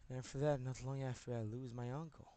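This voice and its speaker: A man rambling through a personal story, repeating himself, laughing often and swearing, getting loud and high when excited. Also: fast talker. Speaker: streamer.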